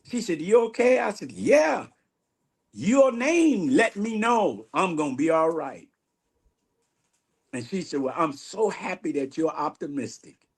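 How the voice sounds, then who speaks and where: Husky guy telling his faith story, really animated, voice jumping all over. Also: sits high, unhurried. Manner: animated storyteller, acts out quoted dialogue. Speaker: guest minister. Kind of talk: testimony in interview.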